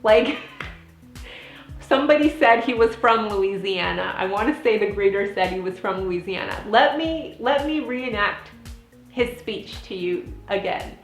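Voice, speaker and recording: A woman's voice: mid-range voice, unhurried. A woman in her thirties tells funny stories in a casual vlog. She giggles often and fills her sentences with "like." Her voice rings in an echoey room over faint background music. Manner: giggly, animated, lots of "like" fillers. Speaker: vlogger and former theme park princess performer.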